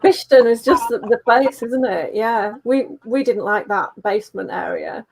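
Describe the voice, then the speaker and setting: A woman with a slightly high voice tells her stories in lively, animated chat. Her delivery is casual and quick to react. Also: gravelly, poor audio. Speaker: paranormal investigator guest.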